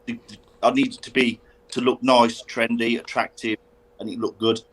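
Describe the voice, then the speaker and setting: A man, a guest cigar reviewer, explaining his view in a relaxed way with repeated words. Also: medium pitch, normal speed, breathy edge, rough recording. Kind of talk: casual podcast chat.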